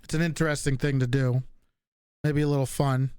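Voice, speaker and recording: Casual streamer, Northeastern US accent. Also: male voice, medium pitch, steady tone, a little fast, darkish tone, clear, resonant tone, no echo, clean studio sound. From Northeastern United States. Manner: reads viewer questions aloud and answers offhandedly, swears casually. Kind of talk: casual chat with stream viewers.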